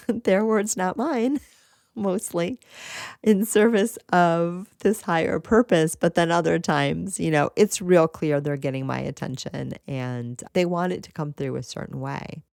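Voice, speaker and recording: A woman hosting a spiritual podcast, talking casually with lively asides and frequent laughs. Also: on the low side, measured pace, creaky, no echo, clean studio sound. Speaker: podcast host.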